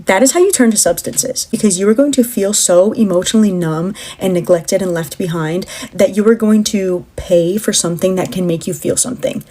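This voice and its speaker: A woman speaks straight to her viewers, warning and lecturing them in a firm, steady way. Her voice is dark and mellow, sitting at an average pitch. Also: brisk, hardly any pauses. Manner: direct, admonishing, addresses viewers. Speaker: social media commentator.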